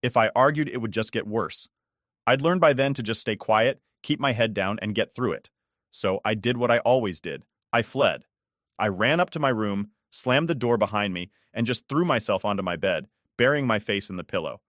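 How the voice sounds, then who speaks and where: A man giving a scripted first-person story narration in a steady, even way. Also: on the low side, normal speed, dry recording, studio quality.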